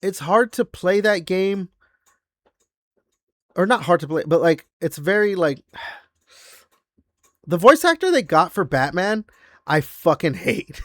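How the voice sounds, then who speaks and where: A man's voice: sits high, big pitch swings, takes it slowly, pauses often, no room sound, clean studio sound. A man co-hosting a gaming podcast in casual chat, rambling with lots of fillers, restarts and casual swearing. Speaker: podcast co-host.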